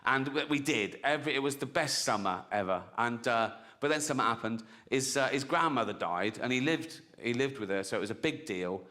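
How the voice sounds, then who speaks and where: A man's voice: mid-range voice, brisk, few pauses, bright, forceful tone. A middle-aged man doing stand-up, talking bluntly and chattily and often laughing at his own jokes. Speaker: stand-up comedian. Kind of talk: stand-up comedy set. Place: live venue with audience. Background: audience laughter and applause.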